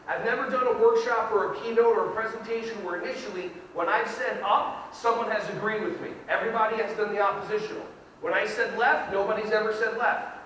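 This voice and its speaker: A man giving a lively educational keynote to an audience, with a playful, animated delivery that acts out kids and parents. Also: high-pitched, brisk, slight background noise. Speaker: keynote speaker. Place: large hall with audience. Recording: echoey hall recorded from far off.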